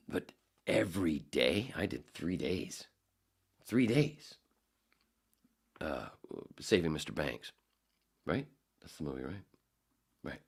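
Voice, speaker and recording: Man, forties, podcast host, very deep voice, sing-song delivery, profane, joking. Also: vocal fry, slightly rough. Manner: profane, jokey, slips into impressions. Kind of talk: casual solo podcast rambling.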